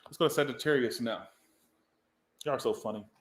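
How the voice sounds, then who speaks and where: A man's voice: medium pitch, brisk, roomy sound. Rambling Southern man reading tarot. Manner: rambling, emotional, swears casually. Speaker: tarot reader. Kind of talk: casual tarot reading livestream.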